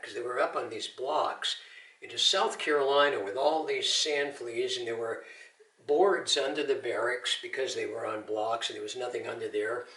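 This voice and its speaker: A man's voice: medium pitch, fairly even intonation, moderate pace, fairly bright tone, roomy sound, far from the mic, poor audio. Older male veteran, earnest testimony, recorded off-mic. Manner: earnest storytelling with Christian encouragement. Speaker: Army veteran telling his story. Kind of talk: personal testimony.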